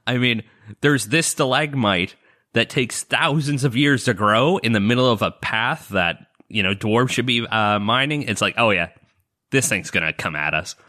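A man's voice: medium pitch, normal speed, bright, forceful tone. A man playing in a tabletop game podcast, sharing wry, opinionated takes in casual chat. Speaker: player.

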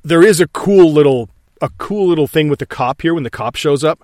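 A man co-hosting a casual film discussion, animated and quick to act out lines from scenes. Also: a little high, no echo, studio quality. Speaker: podcast co-host.

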